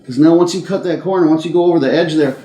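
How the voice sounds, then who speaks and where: A man's voice: a little high, racing, warm tone, reverberant, slight background noise. A man teaching jiu-jitsu escapes in a casual demo, often checking in with "okay?" and sometimes strained for breath while caught in a choke. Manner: casual, repeats words and says "okay?" often. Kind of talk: instructional technique demo. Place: training gym, indoors.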